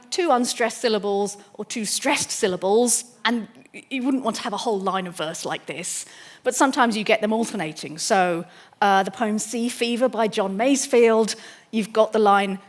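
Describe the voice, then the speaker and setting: Lively woman giving a maths lecture. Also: a little high. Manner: enthusiastic, explanatory, with frequent restarts. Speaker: mathematics lecturer. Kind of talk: public lecture.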